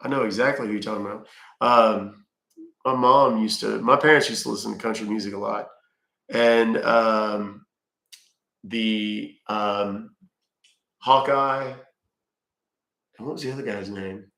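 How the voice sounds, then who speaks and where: A man's voice: on the low side, fairly even intonation, unhurried, gravelly, long pauses, sharp tone, echoey room. A man hosting a casual livestream, chatting with his viewers and answering their questions with easygoing fillers. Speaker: livestream host reading chat. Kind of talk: casual chat.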